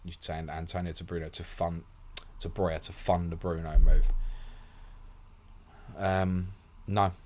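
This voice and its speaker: A man hosting a fast live Q&A, blunt and casual, calling listeners mate, with a sore throat and short of sleep. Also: deep voice, flat delivery, a little mellow. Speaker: host answering viewer questions.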